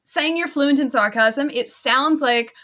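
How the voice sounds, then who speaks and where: A woman guest on a casual podcast chat, with a fairly high voice and a bright, sharp tone. She laughs easily and jumps in with quick, salty reactions. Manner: laughs often, reacts with quick exclamations, swears.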